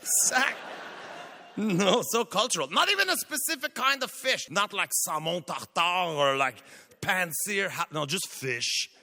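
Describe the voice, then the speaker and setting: A man's voice: high-pitched, lively intonation, unhurried, pushed and bright. Man teasing playfully. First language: French. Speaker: comedy debater. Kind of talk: stand-up debate speech. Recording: live hall, audible noise.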